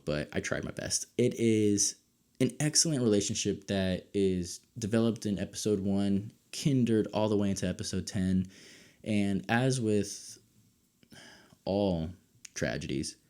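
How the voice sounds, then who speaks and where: A young man with a low, dark-toned voice reviews a show casually and excitably. He drops into soft mutters, then bursts out loud and high. His pitch sits deep, and his tone stays mellow. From United States. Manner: excitable, animated, swings between low mutters and loud outbursts. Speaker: podcast host reviewing a show.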